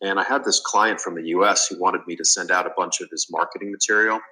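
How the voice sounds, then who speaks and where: A man's voice: low-pitched, steady tone, fast talker, bright, forceful tone, rough recording. A man being interviewed on a business podcast, telling stories from his work in an earnest, conversational way. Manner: earnest storytelling with fillers and restarts. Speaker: guest, business consultant. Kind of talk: casual interview.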